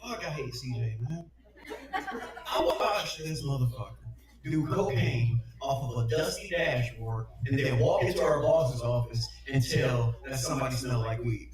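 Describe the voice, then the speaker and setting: A stand-up comedian from Detroit, USA, performs a crude set at a comedy venue, often laughing at his own jokes. His medium-pitched voice is expressive and unhurried, heard from a distance in an echoey room amid crowd noise and a laughing audience.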